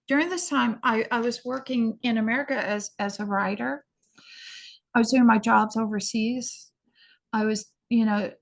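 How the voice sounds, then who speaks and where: A middle-aged woman, a podcast guest, telling her personal story in an earnest, hurried way and often restarting sentences. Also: a little high, gravelly.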